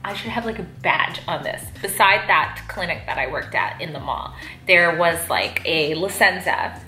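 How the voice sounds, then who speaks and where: A woman vlogger telling stories in a chatty, animated way while folding laundry, with lots of fillers. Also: fairly low pitch, normal speed. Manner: chatty, animated, lots of "like", jumps to loud outbursts when retelling. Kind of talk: casual storytelling chat while folding laundry. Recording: echoey room with faint music.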